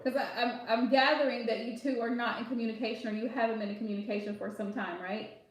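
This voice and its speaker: A live tarot reader answers viewer questions on a stream, offering casual, direct advice, laughing often and calling listeners pet names. She talks fast in a steady, fairly high voice, and the room is very echoey.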